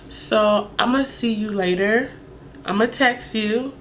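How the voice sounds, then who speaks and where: A young adult woman telling a candid, animated storytime vlog, sometimes laughing and dropping to a whisper. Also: mid-range voice, slow pace, slight background noise. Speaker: vlogger.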